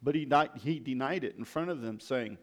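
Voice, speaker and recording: A man's voice: mid-range voice, brisk. A man preaching a sermon and reading scripture aloud, reflecting on the passages.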